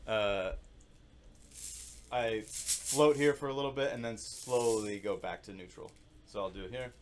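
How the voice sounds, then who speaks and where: A man teaching percussion in a casual, relaxed way, thinking aloud and singing rhythms with syllables. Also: on the low side, unhurried, a little hiss or hum. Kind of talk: casual instructional demonstration.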